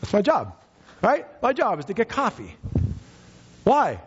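A man's voice: sits high, wildly swooping pitch, a little slow, slightly rough. A male pastor preaching a fervent, emphatic sermon in a church, often repeating his phrases for emphasis. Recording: reverberant hall, dull lo-fi sound.

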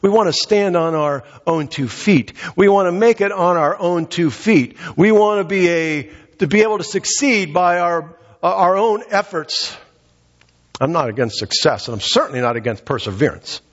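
In a reverberant hall, captured on a dull lo-fi recording, a man preaches a sermon conversationally, posing rhetorical questions and doing the voices of those he quotes. His voice is high-pitched and expressive, moving at a moderate pace.

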